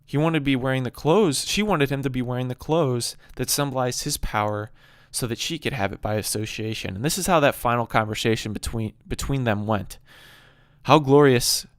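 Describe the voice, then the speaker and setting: A man's voice: medium pitch, a little fast, clean tone, dry recording. Emphatic man preaching in a dry room. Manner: emphatic, rhetorical questions, repeats phrases. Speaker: video commentator on Bible stories. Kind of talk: preachy monologue.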